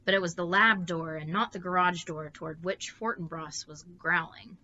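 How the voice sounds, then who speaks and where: Bright-voiced woman reading a bedtime story. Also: lowish voice, normal speed, highs cut off. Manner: steady, expressive read-aloud.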